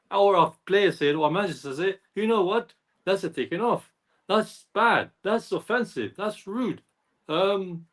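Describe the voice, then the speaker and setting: A man with a notably high voice talks football in a loose, rambling way. He circles back over his points, repeats phrases and slips into imitations of others. It sounds like casual fan chat over a call. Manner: rambling, repeats himself, mimics others' speech. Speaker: fan channel co-host.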